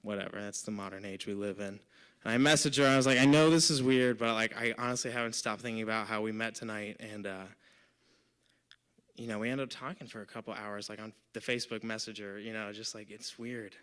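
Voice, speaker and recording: A man's voice: fairly low pitch, fairly even intonation, fairly quick, bright, forceful tone, smooth. A man in his twenties telling a personal story live on stage, talking casually with lots of "like" and "you know". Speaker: volunteer storyteller.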